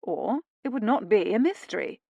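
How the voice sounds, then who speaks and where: A playful young nobleman, calm and fond, teasing his wife gently, read by a woman in her own voice. Her pitch stays in a middle range, and the recording is dry and close. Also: moderate pace, vocal fry, no room sound, dull audio. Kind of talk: audiobook dialogue reading.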